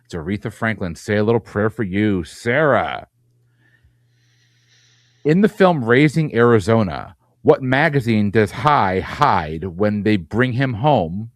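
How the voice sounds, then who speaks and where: A man hosting a trivia game, reading questions briskly and teasing the players. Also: on the low side, expressive, no echo, studio quality. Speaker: quizmaster.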